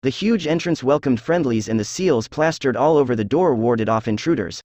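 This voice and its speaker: A man reading fan fiction aloud as narrator, in a steady, even storytelling voice. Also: medium pitch, moderate pace, no room sound.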